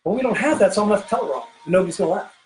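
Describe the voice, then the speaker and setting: A man's voice: high voice, animated, racing, a little hiss or hum, low-quality recording. A man hosting a casual bartending show, telling a long joke in a rambling, playful way while mixing drinks in a home bar. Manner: rambling, self-interrupting, playful. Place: home pirate-themed bar.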